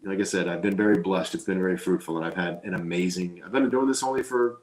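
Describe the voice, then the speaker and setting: A man's voice: deep voice, fast. A man, an actor being interviewed, talking in an earnest, rambling and self-deprecating way, often restarting his sentences. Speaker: actor guest. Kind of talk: casual interview chat. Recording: roomy echo.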